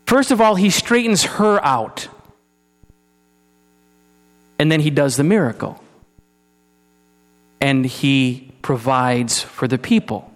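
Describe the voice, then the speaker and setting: A man preaching a sermon, talking to his congregation with rhetorical questions and sometimes sinking into a hushed, solemn tone. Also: medium pitch. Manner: drops to a soft, hushed tone for solemn passages. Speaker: pastor. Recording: hall reverb with mains hum.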